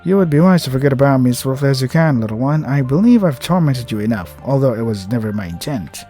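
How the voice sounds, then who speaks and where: A man voicing an ancient, gentle spider-like creature, speaking softly and soothingly in a visual novel game. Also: mid-range voice, expressive, faint music behind, lightly acted. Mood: tender. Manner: slow, soft and soothing.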